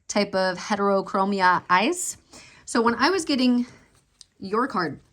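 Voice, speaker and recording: A woman's voice: mid-range voice, fairly bright tone. A woman giving a casual tarot reading, thinking aloud in a meandering, emotional way and drifting down to a whisper when she reads to herself. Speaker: tarot reader.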